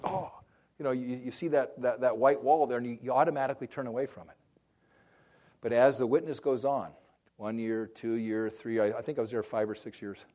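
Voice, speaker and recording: A man's voice: medium pitch, a little mellow. A middle-aged male pastor preaching a sermon, telling stories with passion, often restarting and repeating words. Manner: impassioned storytelling with frequent restarts and repeated words.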